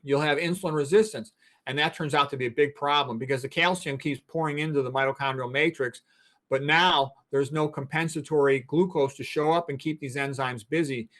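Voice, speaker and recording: A man's voice: fairly high pitch, fairly even intonation, a little fast, a bit bright. A man in his sixties, a physician and guest, explaining things in a blunt, emphatic, lecturing way. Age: 60s. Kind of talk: interview talk.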